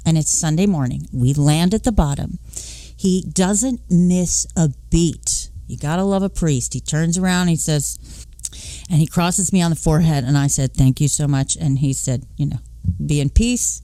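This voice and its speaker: A woman in her late fifties, a podcast host from the Philadelphia and New York area, telling a personal story in an animated way. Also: moderate pace, no echo. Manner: animated, acting out dialogue with big pitch swings.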